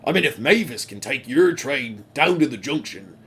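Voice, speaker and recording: Casting: man voicing a musing little engine, husky and bright. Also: medium pitch, lively intonation, moderate pace, pitched below the performer's own voice, heavily acted. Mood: wistful.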